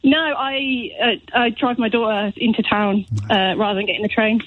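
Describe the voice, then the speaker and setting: A woman calls in to a radio show over a tinny phone line. Her voice sounds slightly husky and dry, and she comes across eager and giggly. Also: fairly high pitch, steady tone, moderate pace, no room sound. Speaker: caller. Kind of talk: phone-in call. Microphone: telephone.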